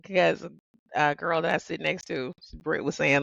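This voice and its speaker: Expressive woman podcaster, low dull voice. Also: moderate pace, creaky, no room sound. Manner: expressive, laughs often, calls listeners "baby". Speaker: podcast host. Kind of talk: personal reflective monologue.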